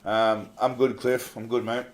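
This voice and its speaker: Speaking a little slowly in a level, medium-pitched tone, an Australian man runs an easygoing livestream. He chats through viewer comments aloud, cursing freely and addressing people as mate.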